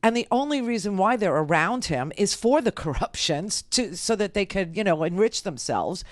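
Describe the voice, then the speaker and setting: A woman's voice: medium pitch, expressive, moderate pace, no echo. A woman hosting political talk radio, brash and emphatic with rambling asides. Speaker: radio talk show host.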